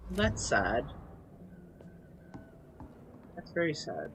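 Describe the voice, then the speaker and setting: A man's voice: high-pitched, expressive, takes it slowly, slight background noise. A man streaming a horror game, reading its diary entries aloud with expression and breaking off to comment and greet chat.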